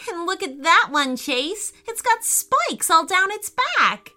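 A woman's voice: very animated, slow, bright, forceful tone, soft background music, exaggerated voice. A woman voicing Keegan, a young boy who is eager but cautious. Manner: high, eager, sometimes worried.

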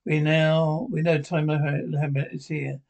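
A man's voice: a little high, flat delivery, takes it slowly, gravelly. A man reading the part of a scheming male stage magician who serves a villain, in a servile, formal manner.

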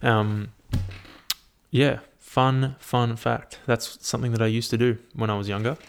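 A man's voice: medium pitch, measured pace, gravelly, smooth. A young man, musing aloud in a casual, profane monologue full of fillers. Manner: profane, animated, thinks aloud with many fillers.

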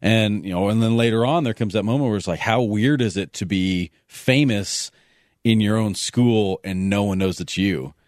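A man chatting casually about a movie, retelling scenes with animated energy. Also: lowish voice, normal speed, no echo, clean studio sound. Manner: animated storyteller, acts out scenes. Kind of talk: casual movie discussion podcast.

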